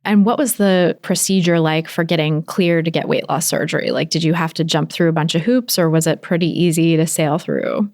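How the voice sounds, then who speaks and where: A woman with a low voice hosts a podcast, reacting with sympathy and then asking her guest a follow-up in an easy, conversational way. Her voice sounds dry and close. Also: fairly even intonation, fairly quick, hardly any pauses, a little mellow, dry recording. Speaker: podcast host. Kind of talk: interview questions.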